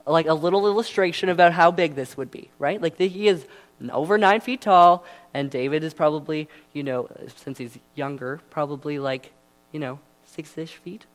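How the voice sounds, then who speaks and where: A man's voice: on the high side, normal speed. Chatty young man preaching. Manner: casual and chatty, many fillers. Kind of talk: sermon.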